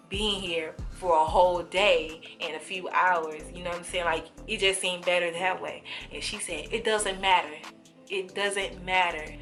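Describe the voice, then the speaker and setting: Bright-voiced young woman telling a story. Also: mid-range voice. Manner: animated, acts out quoted voices, talks straight to viewers. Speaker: storytime vlogger. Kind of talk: casual storytelling to camera.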